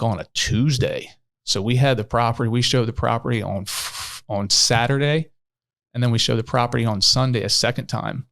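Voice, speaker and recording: A man's voice: mid-range voice, a bit bright, no echo, clean studio sound. Rambling male realtor telling a story. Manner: rambling, heavy on fillers like "you know". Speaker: real estate agent, podcast guest. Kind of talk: casual storytelling.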